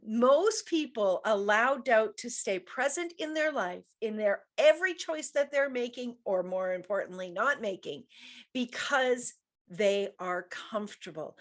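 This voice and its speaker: Middle-aged woman host, motivational coach, slightly high voice, emphatic and repetitive delivery. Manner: emphatic, repeats key points, reads chat comments. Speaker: business coach hosting a show. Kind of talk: motivational talk show monologue.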